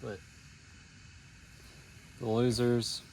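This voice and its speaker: A man's voice: mid-range voice, level tone, drawn-out words, darkish tone, a little hiss or hum. A young man vlogging casually outdoors on a boat, upbeat and teasing. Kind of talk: casual outdoor vlog chat.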